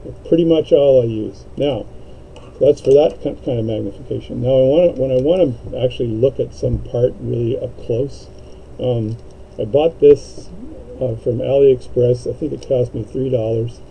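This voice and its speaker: A man's voice: mid-range voice, moderate pace, vocal fry, mellow, a little hiss or hum, poor audio. A man showing his watchmaking tools in a home workshop, chatting in a rambling, jokey way with many fillers. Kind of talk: casual show-and-tell.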